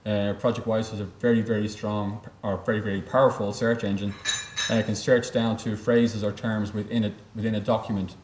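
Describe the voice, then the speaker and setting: A man giving a conference presentation as a software company presenter, explaining step by step and often repeating words mid-sentence. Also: fairly low pitch, little pitch movement, fairly quick, echoey room, slight background noise. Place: conference room.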